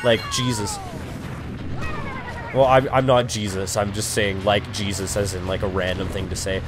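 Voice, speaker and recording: A man's voice: fairly low pitch, level tone, normal speed, background noise. A young man rambling through casual gaming commentary, profane and over-caffeinated, with sudden raging outbursts. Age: young adult. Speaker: let's play commentator. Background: game music.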